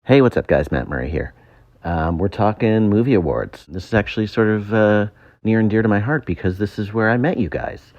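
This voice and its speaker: A man's voice: lowish voice, lively intonation, a little fast, a little mellow, dull audio. A man telling a rambling anecdote in a voice note, full of ums and chuckles. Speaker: former show writer sending a voice note. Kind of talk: casual anecdote. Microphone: phone voice memo.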